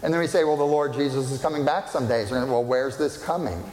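A man's voice: mid-range voice, fast talker, darkish tone. Guy preaching a sermon in a big echoey church, keeps asking the crowd stuff, faint hiss in the background. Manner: conversational preaching, asks the congregation questions. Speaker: pastor. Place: church sanctuary.

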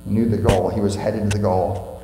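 A man's voice: on the low side, level tone, a little fast. A male pastor preaches in a reverberant church sanctuary, his voice carrying with a long, roomy echo. He is emphatic, tosses questions to the congregation and repeats his key lines. A faint mains hum sits under the recording. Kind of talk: sermon.

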